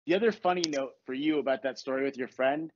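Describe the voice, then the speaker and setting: A middle-aged man hosting a podcast, telling stories in a casual, animated way, swearing freely and laughing often. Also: mid-range voice, fast talker, slight background noise. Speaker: podcast host. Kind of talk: casual storytelling chat. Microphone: podcast mic. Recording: dull lo-fi podcast audio.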